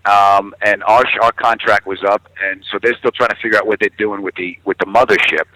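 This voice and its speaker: A man's voice: fairly quick, dry recording, poor audio. A man, a comedian telling stories as a guest on a talk show and swearing freely. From New York. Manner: animated storyteller, swears freely, acts out others in high-pitched voices. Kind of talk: casual interview chat.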